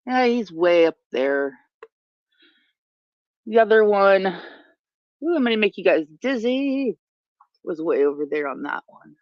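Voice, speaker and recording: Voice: medium pitch, very animated, slow, long pauses, no echo, muffled recording. A livestream host chatting casually outdoors in a yard, rambling and often trailing off mid-thought, recorded on a phone. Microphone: phone camera.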